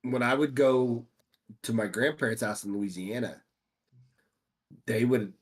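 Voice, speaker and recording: A man's voice: mid-range voice, measured pace. Podcast co-host: an everyday man with a mid-range voice who rambles and circles back. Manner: rambling, repeats himself. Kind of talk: casual chat.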